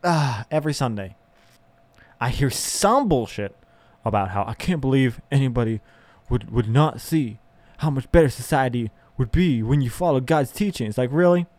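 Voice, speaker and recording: A young man talks through his frustrations in a candid, profane monologue, laughing and sighing as he goes. His voice sits at an ordinary middle pitch. The recording is dry and close, with no room echo. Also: animated, moderate pace, a little mellow. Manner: ranting, profane, with frequent laughs and sighs; emotional and exasperated.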